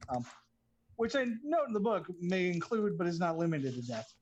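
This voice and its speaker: A man's voice: high voice, sing-song, normal speed, muffled recording. A man who designs tabletop games, explaining his rules and plugging updates in a rambling, casual way. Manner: rambling, many ums and restarts. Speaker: game designer and guest game master. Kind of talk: casual chat, promoting a game.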